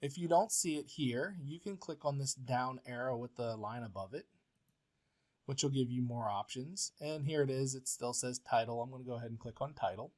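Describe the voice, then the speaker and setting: A man's voice: medium pitch, moderate pace, a little mellow. A male professor walking through a word processing tutorial step by step, patient and plain, with frequent filler sounds. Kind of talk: software tutorial walkthrough.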